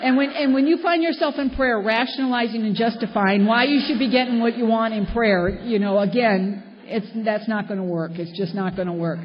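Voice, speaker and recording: A woman's voice: fairly high pitch, fairly quick, hardly any pauses. An older woman from Southern California telling a candid, wry personal story to a meeting audience. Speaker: speaker at a recovery meeting. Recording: echoey hall, dull lo-fi sound, faint noise.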